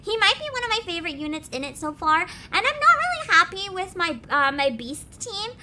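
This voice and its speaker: A young woman streaming a game, her high, bright voice swinging widely as she reads lines aloud and gushes with giggles in between. A faint hiss of background noise sits under her streaming mic. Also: sing-song, brisk. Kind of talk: game livestream, reading and reacting.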